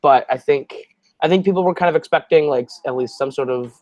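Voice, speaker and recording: A man guests on a casual movie review, easygoing and slow on his fillers. His voice sits dry and close, with no room sound around it. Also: on the high side, darkish tone, no echo. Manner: easygoing, drawn-out filler words.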